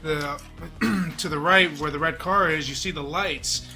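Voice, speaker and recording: A man's voice: on the high side, unhurried, sharp tone, faint music behind. A man co-hosting a casual gaming commentary, adding thoughtful observations. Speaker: co-host.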